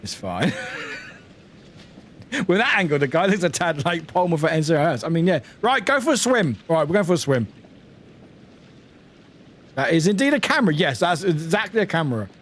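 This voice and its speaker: A young British man streaming a video game, chatting casually with lively outbursts, jokes and laughter. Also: a little high, normal speed, long pauses, a little hiss or hum. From United Kingdom. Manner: animated, laughing, swearing, chatty. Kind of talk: casual gameplay commentary.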